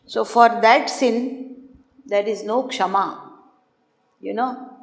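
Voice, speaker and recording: Slow-speaking woman lecturing in a hall. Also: a little high, steady tone. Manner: slow, measured explaining with frequent "you know". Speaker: lecturer on Sanskrit drama. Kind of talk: explanatory lecture with recitation. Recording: roomy hall with long reverb.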